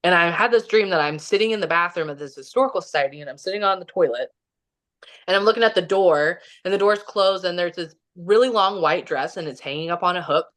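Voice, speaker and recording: A woman with a slightly low voice tells a personal story on a podcast. She rambles and fills her sentences with "like" and restarts, and she acts out other people's lines as she goes. The delivery is casual and conversational. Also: quick pace, a bit bright. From Kansas City, Missouri. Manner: rambling, filler-heavy, acts out quoted dialogue. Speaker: podcast guest.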